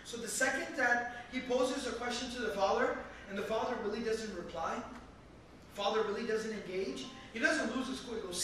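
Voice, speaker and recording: High, bright-voiced man teaching in echoey hall. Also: moderate pace, a little hiss or hum. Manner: earnest, emphatic explaining with Arabic recitation. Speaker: Islamic teacher. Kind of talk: Quran commentary lesson. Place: large echoey mosque hall. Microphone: camera recording from a distance. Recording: echoey hall, distant camera, faint ambience.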